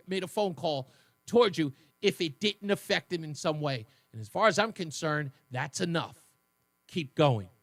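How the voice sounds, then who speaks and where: A man hosting a talk radio show, delivering a fiery, mocking monologue and taking callers. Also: no echo. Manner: fiery, mocking, mimics others in shrill voices. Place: radio studio.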